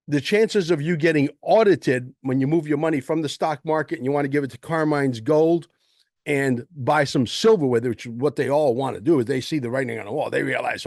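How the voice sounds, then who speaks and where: A man's voice: fairly high pitch, dry recording, studio quality. An older man hosting his own show, talking casually in a rambling, emphatic way and repeating words for stress. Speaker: host and precious metals dealer. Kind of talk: casual livestream talk.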